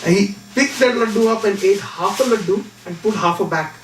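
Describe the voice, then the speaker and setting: A man with a high voice tells a story during a lecture and brings it to life. He sounds echoey and distant, as if picked up from across a reverberant room. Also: fairly quick, a little hiss or hum. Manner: animated storyteller who acts out characters. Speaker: speaker.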